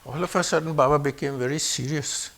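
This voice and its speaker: A man in his seventies from Pakistan, telling personal stories in an animated way and shifting his voice to act out what others said. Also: a little high, brisk, crowd noise. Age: 70s. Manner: animated, acts out quoted speech with shifts in voice. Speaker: guest speaker. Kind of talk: personal storytelling.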